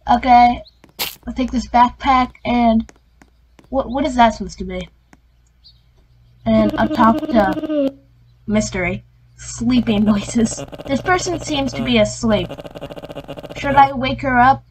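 A woman's voice: on the high side, takes it slowly, pauses often, noisy background. A young woman giving casual commentary while playing a video game and reading its text aloud. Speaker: gaming channel host.

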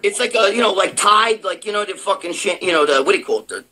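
An older man co-hosting a live show from his sister's house, telling loud, profane stories in casual chat. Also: sits high, quick pace. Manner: loud, profane, animated storyteller. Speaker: co-host of a bodybuilding live show.

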